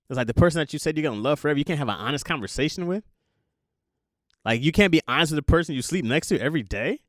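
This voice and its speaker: A young man hosting a podcast, talking through a casual confessional monologue in an animated, jokey way and laughing at himself. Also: medium pitch, dry recording, clean studio sound. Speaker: podcast host.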